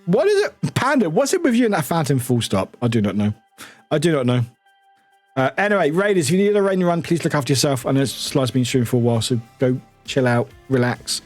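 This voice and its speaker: Speaking at a medium pitch with a touch of mellowness, a man from the United Kingdom streams and chats loosely with his audience. He laughs frequently, curses, and reads the chat aloud while faint music plays underneath.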